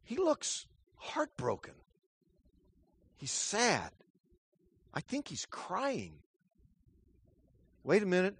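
Brief: a curious child, high and questioning, voiced by a male preacher. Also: sing-song, normal speed, a bit bright, exaggerated voice. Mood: wide-eyed. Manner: eager questioning, rising pitch. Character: curious young child, wide-eyed and puzzled.

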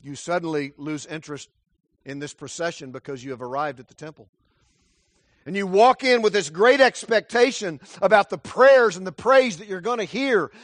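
A man preaching a sermon, telling a story dramatically and swinging from loud declarations to hushed tones. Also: sits high, normal speed, dry recording.

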